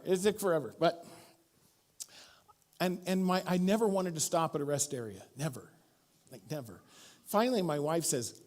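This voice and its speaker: A middle-aged male pastor preaching a sermon, telling stories and acting out the quotes in them. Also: on the high side. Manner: storytelling, animated, acts out quotes. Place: church.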